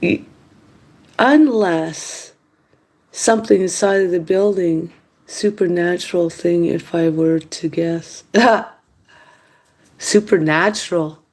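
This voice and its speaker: A woman vlogger at home, rambling and complaining in a casual late-night monologue, turning animated when she quotes others. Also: fairly low pitch, slow, long pauses. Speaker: mukbang vlogger. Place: indoors at home.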